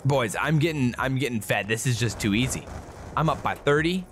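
A young man giving excitable, trash-talking commentary over his own shooter gameplay as a gaming YouTuber, with game music and gunfire behind him. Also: mid-range voice, brisk, noisy background.

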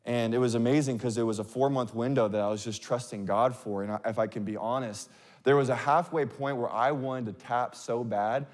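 A man's voice: mid-range voice, fairly even intonation, a little fast, darkish tone. Man preaching in a reverberant hall. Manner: candid, conversational storytelling with fillers like "like" and "um". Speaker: pastor. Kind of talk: sermon. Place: large church sanctuary. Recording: long reverb of a large hall.

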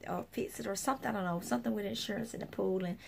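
A woman minister with a deeply gravelly, fry-laden voice, sitting at an ordinary middle pitch. She tells her story casually and rambles, stacking fillers and restarts. Now and then she acts out other people's lines. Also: rapid-fire, darkish tone, slight background noise. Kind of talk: casual spoken testimony.

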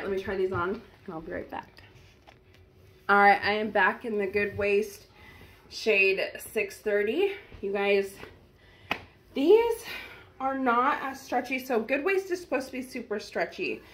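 A woman's voice: medium pitch, a bit bright. A young woman vlogger chatting casually to her viewers as she tries on clothes at home, gushing and talking straight to camera. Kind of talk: casual try-on haul chat.

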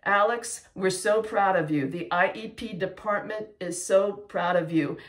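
A woman teacher giving an earnest, animated award speech, addressing her student directly. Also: medium pitch, a little slow.

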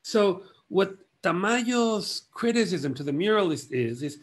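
A man giving an illustrated art history lecture in measured, halting phrases broken by long pauses. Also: sits high, expressive.

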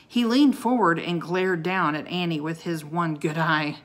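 A woman teacher reading a children's chapter book aloud to her class in a clear storytelling manner. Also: fairly low pitch, a little slow.

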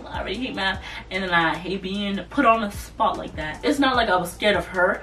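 A young woman casually telling a storytime vlog, animated and loose, slipping into mocking voices. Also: mid-range voice. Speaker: vlogger. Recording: voice a bit far from the mic, soft music behind.

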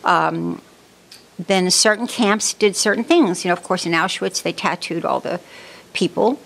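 Her voice is lowish, creaky, and a bit bright, and she keeps a measured pace. She is a woman in her seventies, born in Germany and raised in the Bronx, New York, unhurriedly sharing her life story in an interview.

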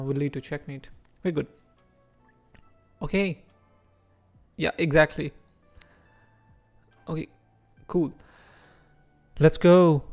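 A man's voice: a little high, a little mellow. A man from India with an Indian English accent mixed with American and British touches, chatting casually while streaming chess and reacting to his moves.

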